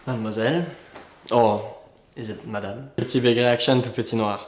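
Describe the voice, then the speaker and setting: A man's voice: mid-range voice, fairly even intonation, fairly quick, echoey room, a little hiss or hum, lightly acted. A man playing a wry young Parisian. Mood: teasing. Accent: Parisian French.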